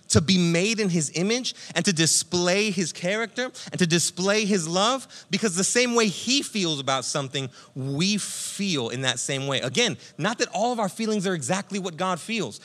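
Male pastor, a touch high-pitched, conversational and energetic, preaching to his congregation. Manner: conversational, energetic, addresses listeners as friend. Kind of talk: sermon.

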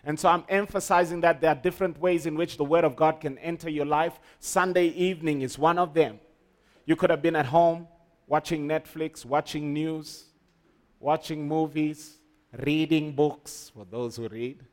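Man, pastor, emphatic sermon, slightly high voice, call-and-response. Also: steady tone, moderate pace.

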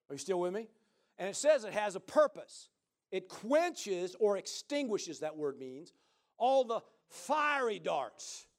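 A man preaching a sermon, emphatic and calling out to the congregation, building up to shouted exclamations. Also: sits high. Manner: call-and-response.

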